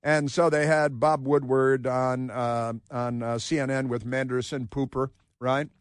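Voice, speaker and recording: A man's voice: mid-range voice, little pitch movement, unhurried, smooth, dry recording, clean studio sound. A man hosting talk radio, mocking and rambling, with frequent filler words. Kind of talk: casual talk radio commentary.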